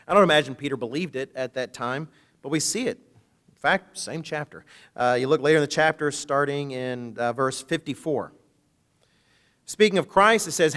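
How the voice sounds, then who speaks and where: Preacher man, dramatic swings in volume. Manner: dramatic, swings between loud emphatic quotes and low hushed asides; conversational and jokey between scripture readings. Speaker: minister. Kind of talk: sermon.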